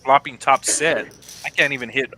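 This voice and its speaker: A man calling a live poker game, giving measured, analytical play-by-play. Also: medium pitch, pushed and bright, soft background music. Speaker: poker commentator.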